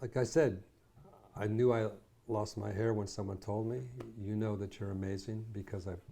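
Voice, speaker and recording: A man's voice: fairly low pitch, little pitch movement, moderate pace, warm tone. A psychologist in his sixties co-hosting a podcast, chatting casually and rambling through long analogies. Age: 60s. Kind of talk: casual conversational chat.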